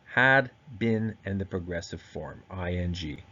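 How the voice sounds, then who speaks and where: A man giving a recorded grammar lesson, explaining step by step and slowing down to stress key words. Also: deep voice, animated, pushed and bright, highs cut off. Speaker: teacher.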